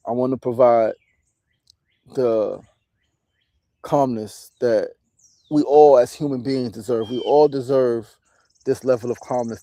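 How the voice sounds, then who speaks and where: A man's voice: medium pitch, warm tone. A man in his forties from New City, talking candidly in a reflective casual monologue, often swearing and tagging his points with "right?". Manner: candid, profane, often tags lines with "right?". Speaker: podcast host and meditation teacher.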